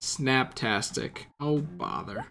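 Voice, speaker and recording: A man's voice: medium pitch, big pitch swings, slow, creaky. A man giving casual gameplay commentary, rambling, stumbling over his words and swearing offhandedly. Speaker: let's play gamer. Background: video game music.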